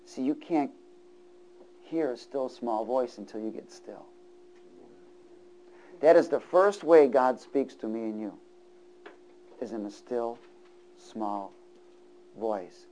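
A middle-aged male preacher giving a sermon, swinging between loud, fervent passages and hushed, near-whispered lines. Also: mid-range voice, lively intonation, measured pace, pauses often, a little hiss or hum, poor audio.

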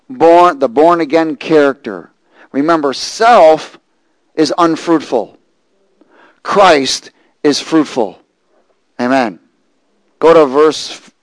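A preacher man reads scripture and tells a story from his own life. His voice sits fairly high, and the sound is dry and close. He tells the story with lively energy. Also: no echo, low-quality recording. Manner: animated storytelling, rising to shouts and laughter. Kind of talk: sermon with personal story.

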